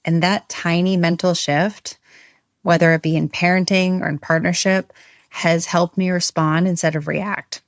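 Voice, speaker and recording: A woman from the show's staff sharing a measured, thoughtful personal reflection. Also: lowish voice, flat delivery, no room sound, studio quality. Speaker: show staff member.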